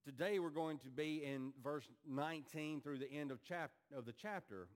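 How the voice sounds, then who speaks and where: A male pastor preaching a sermon in a church to his congregation, earnest, rising to emphatic peaks and sinking low and quiet. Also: normal speed.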